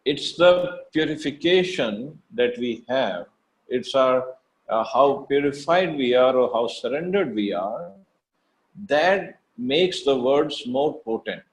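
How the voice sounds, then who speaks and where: A man's voice: medium pitch, lively intonation, takes it slowly, rough recording. A man giving a devotional scripture lecture as a class teacher, speaking earnestly and emphatically, often restarting and repeating phrases.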